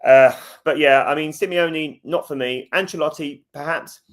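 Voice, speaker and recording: A man's voice: a little high, moderate pace. A man hosting a fan livestream, chatting casually and jokingly, answering viewers' comments. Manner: chatty, jokey, talks straight to viewers. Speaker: fan channel host.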